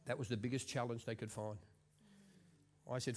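A man's voice: medium pitch, flat delivery, moderate pace. A man in his forties, preaching a sermon in a chatty, self-mocking storytelling way.

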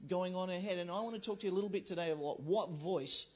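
A man's voice: high-pitched, racing, husky. A man giving a conversational sermon in a church, joking with the congregation and acting out the voices in people's heads. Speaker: pastor.

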